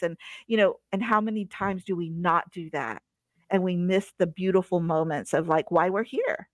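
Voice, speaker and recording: A middle-aged woman, a guest educator, telling stories in a lively conversational way and acting out the dialogue. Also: lowish voice, moderate pace, dry recording, clean studio sound. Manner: animated, acts out quoted dialogue. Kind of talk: conversational storytelling.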